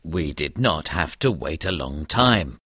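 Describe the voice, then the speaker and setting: A man as a deep-voiced story narrator. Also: big pitch swings, measured pace, pushed and bright, dry recording, studio quality, exaggerated voice. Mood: narrating. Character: detective's companion narrating the story. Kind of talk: audiobook narration.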